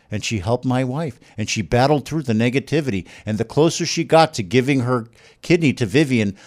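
A middle-aged man telling a personal story as a guest, emphatic and effusive, often repeating himself. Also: mid-range voice. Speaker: guest telling his wife's kidney transplant story. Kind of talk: casual emotional storytelling.

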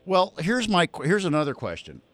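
Chatty radio host, fairly high voice. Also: male voice, huge pitch swings, a bit bright, dry recording. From Florida. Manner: chatty, jokey, rapid thank-yous. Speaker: radio talk show host. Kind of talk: casual radio talk. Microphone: studio microphone.

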